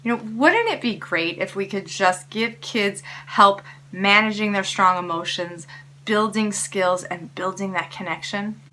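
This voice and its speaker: A woman's voice: mid-range voice, measured pace, pushed and bright, slight background noise. A woman hosting parenting tips, speaking casually and encouragingly straight to her viewers. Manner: encouraging, coaching tone addressing viewers directly. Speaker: parenting educator and host. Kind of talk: casual spoken tips to camera.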